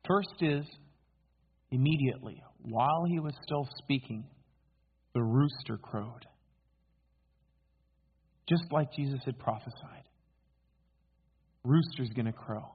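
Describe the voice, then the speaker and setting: A man's voice: medium pitch, slow, long pauses, slightly rough. A male preacher giving a sermon, telling the story dramatically and posing rhetorical questions to his listeners. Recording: tinny phone-like sound.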